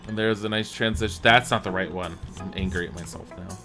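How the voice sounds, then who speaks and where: A man's voice: low voice, fairly even intonation, fairly quick, sharp tone, faint music behind. A man streaming a building game live, chatting and thinking aloud to viewers and laughing often. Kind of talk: live-streamed gameplay chat.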